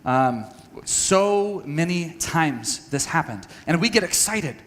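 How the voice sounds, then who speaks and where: A man giving an earnest, halting talk to a church audience, telling a personal story and acting out conversations. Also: a little high, expressive, fairly bright tone, in a large hall. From United States. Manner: earnest, halting with restarts, acts out dialogue. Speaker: speaker at a church training session. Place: church hall.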